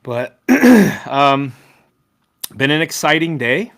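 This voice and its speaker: A man in his thirties co-hosting a casual sports podcast, chatty and joking, with animated retellings. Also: on the high side, slow pace. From Ohio. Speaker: podcast co-host.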